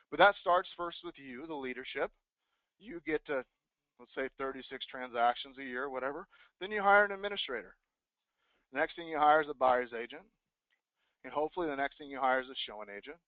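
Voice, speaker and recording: A man giving an energetic motivational sales talk to real estate agents, acting out sample phone scripts. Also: on the high side, dry recording. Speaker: real estate team leader and speaker. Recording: dry, phone-like thin sound.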